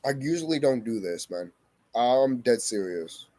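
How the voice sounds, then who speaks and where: A man's voice: medium pitch, lively intonation, a little slow, dark tone, dry recording. Heated, profane man telling his story. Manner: profane, heated, emphatic, repeats phrases. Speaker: vlogger. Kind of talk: emotional personal storytelling to camera.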